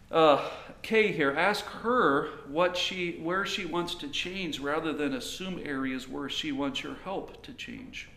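Animated man preaching in a roomy hall. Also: a little high. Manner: animated, acts out quoted dialogue. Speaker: pastor teaching on marriage. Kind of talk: conversational sermon. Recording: roomy with faint ambient noise.

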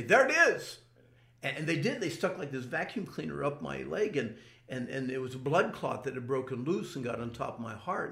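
An older man tells his story in an interview with an earnest, plain delivery and frequent small restarts. His voice has a gravelly texture, and the sound carries the echo of a roomy space. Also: medium pitch. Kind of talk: personal testimony.

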